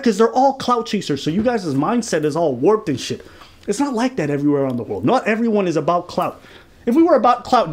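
A man co-hosting a commentary show, talking casually in a mocking, animated and profane way. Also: sits high. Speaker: commentary channel co-host.

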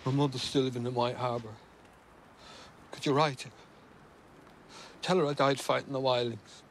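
An actor playing a flat-voiced dying northern watchman. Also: mid-range voice, moderate pace, slight background noise, lightly acted. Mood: pleading. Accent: northern English.

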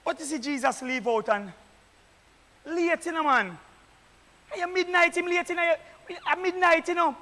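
A Jamaican deacon preaches in patois, rising to fervent shouts. His voice sits very high and bright. Long reverb from the church hall trails each line. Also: moderate pace, pauses often.

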